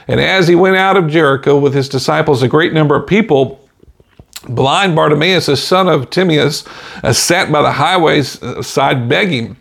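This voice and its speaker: A man's voice: a little high, normal speed, vocal fry, fairly bright tone. A man preaching an informal podcast sermon in a folksy way, dropping in "amen" and "you know" and chuckling between points.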